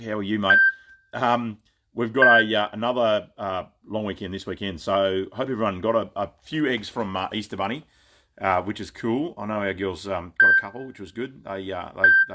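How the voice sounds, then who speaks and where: An Australian man hosting a casual live stream from his gun shop, rambling and greeting viewers by name, tired after a long day. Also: lowish voice. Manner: laid-back, rambling, greets viewers by name with lots of fillers. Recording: noisy background.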